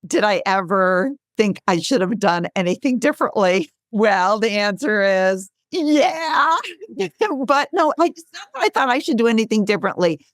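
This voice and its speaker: Guest storyteller, woman, 60s, lively and expressive, mid-pitched, dry recording. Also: normal speed, no room sound. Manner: lively, animated storyteller who acts out quotes. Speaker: guest, author and speaker. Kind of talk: storytelling in a podcast interview.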